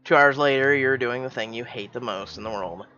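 A man reading a mobile story game aloud, breaking into loud, animated reactions between the passages. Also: medium pitch, a little fast, lo-fi sound, soft background music.

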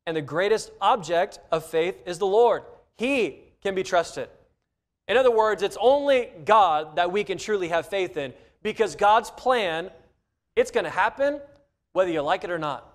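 Male pastor, higher-pitched voice, earnest sermon delivery with emphatic quotes. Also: animated, normal speed. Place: church sanctuary.

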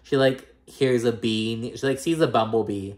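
A man's voice: medium pitch, moderate pace, a little mellow. A man casually recapping a reality show episode, rambling with lots of fillers like "like" and "girl". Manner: chatty, filler-heavy retelling, full of 'like' and 'girl'.

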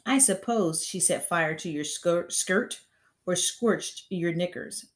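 A woman voicing a huge, furious headmistress who barks and booms her scorn, read aloud from a storybook. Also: takes it slowly. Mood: scornful, bellowing. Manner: loud barking, booming delivery.

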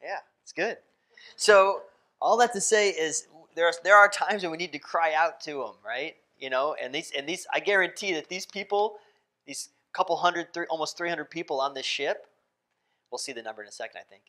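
A pastor preaching a sermon in a church, talking casually, asking the congregation questions and laughing often. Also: male voice, on the high side, moderate pace, sharp tone. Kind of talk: interactive sermon. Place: church sanctuary.

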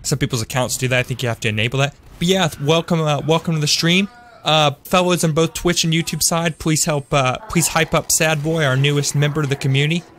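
Speaking fast in a slightly high, somewhat bright voice with fairly even intonation, a young man streams a shooter game live. He chats upbeat with his audience, calling viewers by name, while regularly correcting himself and drifting off into fillers as he comments on the gameplay.

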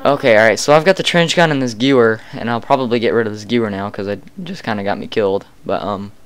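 A man casually commentating a co-op zombie game, chatty and excitable, quick to laugh. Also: fairly low pitch, clear, resonant tone. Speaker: gamer narrating a co-op zombie match.

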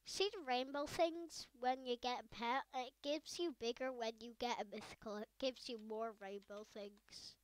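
A woman giving casual gameplay commentary on her own video, chatty and excitable, rambling with fillers. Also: fairly high pitch, normal speed, hardly any pauses, clear, resonant tone, dry recording. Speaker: gaming video creator.

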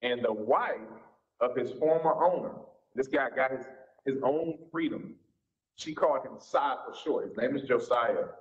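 A Southern US pastor in his forties teaches a church seminar in folksy, informal preacher's talk, his mid-range voice a little slow. The recording, made in the church sanctuary, sounds echoey and dull.

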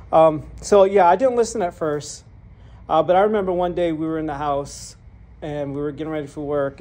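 A man's voice: on the high side, creaky, darkish tone. A man giving a personal testimony as a sermon. He speaks in an earnest, candid way, often repeats words as he restarts, and laughs at himself. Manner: self-deprecating, laughs at his own story. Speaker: preacher sharing his testimony.

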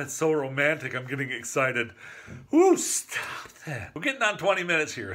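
A sixty-year-old man from northern Michigan rambles on to his camera, cracking jokes and chuckling at them. His voice sits a little high for a man, with a bright, forceful edge. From northern Michigan, USA. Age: 60s. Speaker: vlogger. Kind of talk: casual monologue to camera.

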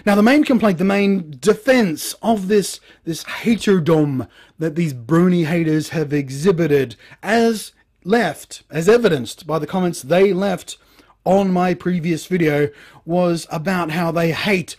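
Sarcastic ranting man, fairly high voice. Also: a little mellow. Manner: sarcastic, emphatic, drawn-out stresses. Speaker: vlogger. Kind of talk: ranting commentary.

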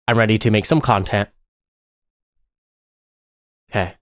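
Excitable man streaming a game. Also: mid-range voice, a little slow, no room sound, clean studio sound. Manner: excitable, chatty, laughs often. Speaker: live streamer. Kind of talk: live gameplay commentary.

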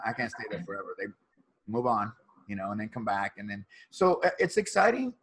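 This husky-voiced man in his fifties has a bright, forceful edge to his speech. He tells stories with energy, laughs often and stumbles over repeated words as he goes. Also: medium pitch, low-quality recording. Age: 50s. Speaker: podcast guest. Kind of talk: animated storytelling.

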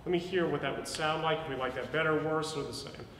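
A man's voice: a little high, quick pace, fairly bright tone, slight background noise. A male voice teacher coaching a student, talking in an encouraging, explanatory way with many fillers. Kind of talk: voice lesson coaching. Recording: echoey room, mic far off, with piano.

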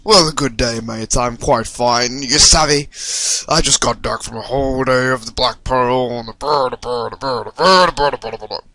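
A man's voice: medium pitch, moderate pace, bright, forceful tone, no room sound. A man putting on a swaggering male pirate captain who drawls his pirate slang. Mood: jaunty.

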